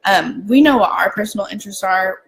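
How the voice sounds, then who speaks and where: A woman's voice: mid-range voice, brisk, poor audio. Upbeat woman co-host inviting viewer comments. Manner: upbeat and encouraging, addressing viewers. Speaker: podcast co-host. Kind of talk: casual live-stream chat.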